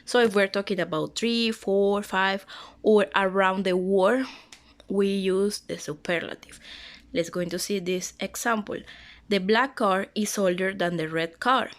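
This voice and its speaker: A young woman explains grammar rules at a slow, unhurried pace, repeating each word so learners can follow. Her voice sits in an ordinary middle pitch, with small grammar slips of her own. The delivery is patient and methodical, like a classroom walkthrough. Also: steady tone. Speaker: English teacher.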